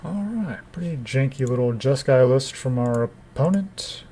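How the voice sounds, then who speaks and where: A man's voice: mid-range voice, lively intonation, measured pace, mellow. A man giving casual commentary over his own gameplay, dry and wry in his asides to the opponent.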